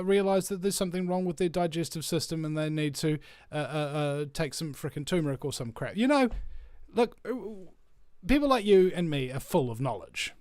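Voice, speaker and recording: A fairly high-voiced man with a New Zealand accent holds forth on his own show in a rambling monologue. He stumbles over restarts and swings between loud bursts and quiet muttering. The sound is dry and close, with no room around it. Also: clean tone, no room sound. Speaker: talk show host. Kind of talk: animated monologue.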